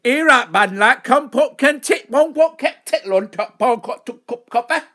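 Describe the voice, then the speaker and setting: A man putting on an exaggerated Yorkshire accent, shouting mock gibberish as a blustering northern man. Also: very high-pitched, expressive, normal speed, pitched above the performer's own voice, full character voice.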